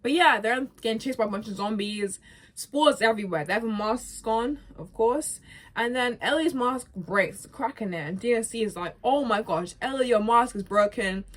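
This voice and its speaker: A woman's voice: a little high, normal speed. A young woman vlogger chatting casually and rambling about a video game, often stopping to correct herself. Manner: rambling, self-correcting, animated. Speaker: gaming vlogger.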